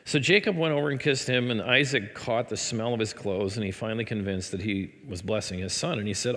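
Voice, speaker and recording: A male pastor preaching a sermon. He reads scripture dramatically, then breaks off into animated asides with laughs. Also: fairly low pitch, brisk, hardly any pauses. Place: church sanctuary. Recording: church hall with long reverb.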